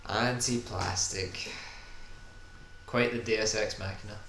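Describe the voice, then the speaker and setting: Male podcast co-host, lowish voice, eager and chatty, echoey home recording. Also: normal speed, a bit bright. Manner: chatty, enthusiastic, often says "kinda". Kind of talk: casual chat over a viewing. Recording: echoey room with faint ambient noise.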